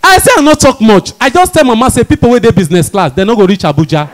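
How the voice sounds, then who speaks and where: Young Nigerian-accented male comic, high voice, lively storyteller with quick character jumps. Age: young adult. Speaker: stand-up comedian. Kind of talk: stand-up comedy in Nigerian Pidgin.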